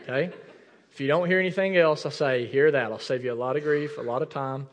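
A man in his thirties preaching a sermon in a church, swinging from near shouts down to low, intimate asides. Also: brisk, in a large hall. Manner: impassioned, rising to near shouts then dropping low and intimate. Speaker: pastor. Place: church sanctuary.

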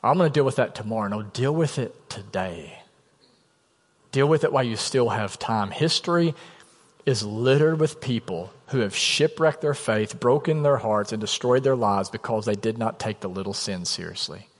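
A man's voice: fairly low pitch, moderate pace. A male pastor preaching a conversational sermon in a church, often acting out quotes. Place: church sanctuary. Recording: long hall reverb.

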